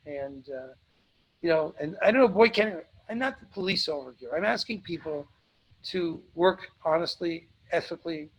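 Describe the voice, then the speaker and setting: Man, webinar host, live Q&A, blunt, emphatic, repeats points, slightly high voice. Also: vocal fry, slightly rough, rough recording. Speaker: webinar host answering audience questions.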